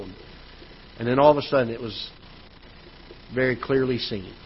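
A male pastor delivers a sermon as a personal story, talking in a plain, conversational way that grows loud at the frustrating moments. His voice sits in an ordinary middle pitch. The church livestream audio is a little dull, with a faint hiss underneath. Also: normal speed, pauses often. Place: church auditorium.

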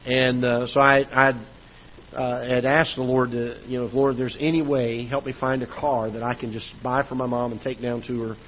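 A man's voice: medium pitch, little pitch movement, normal speed, muffled recording, a little hiss or hum. A man preaching a sermon as pastor, telling a personal story in a conversational way with frequent restarts. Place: church auditorium.

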